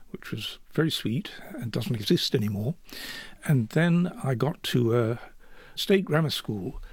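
A man's voice: mid-range voice, gravelly, breathy edge, no room sound. A man in his seventies from Yorkshire, speaking thoughtfully and measuredly as an interview guest. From Yorkshire, England. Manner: thoughtful and measured, with occasional restarts. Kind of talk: reflective conversational interview.

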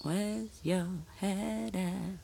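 A woman's voice: medium pitch, very slow, vocal fry, noisy background, exaggerated voice. An actress playing a chatty British wife in a TV drama, often laughing as she speaks. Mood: playful. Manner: lively, laughing. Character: woman, wife, chatty and teasing. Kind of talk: TV drama acting.

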